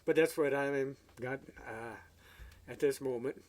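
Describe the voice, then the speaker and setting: A man telling a story in a casual, folksy way, halting often with fillers, as an amateur songwriter and guitarist. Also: mid-range voice, darkish tone.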